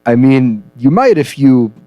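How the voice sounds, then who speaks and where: A man co-hosting a comedy news radio show, reading stories and giving dry, deadpan reactions. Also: mid-range voice, measured pace, no echo, highs cut off.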